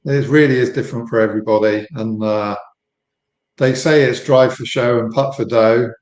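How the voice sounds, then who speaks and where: A man in his fifties from the United Kingdom with an English accent, a relaxed guest on a podcast interview over a video call. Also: medium pitch, normal speed, roomy sound, low-quality recording. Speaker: guest, company founder. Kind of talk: casual interview chat.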